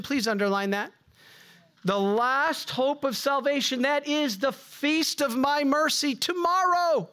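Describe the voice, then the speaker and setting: A man preaching as a Catholic priest, delivering a rousing sermon with emphatic rises on key words and quick asides to the congregation. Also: very high-pitched, pushed and bright.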